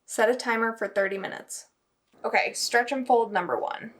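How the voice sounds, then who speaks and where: A woman's voice: a little high, normal speed. A young woman in her home kitchen, chatting casually and self-deprecatingly as she narrates her baking vlog. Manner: chatty and self-deprecating, bursting into excited squeals. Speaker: vlogger.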